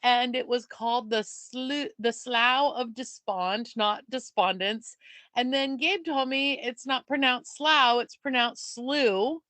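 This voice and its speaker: A woman co-hosting a podcast in casual chat, playful and joking with quick asides. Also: on the high side, pushed and bright, no room sound. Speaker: podcast co-host.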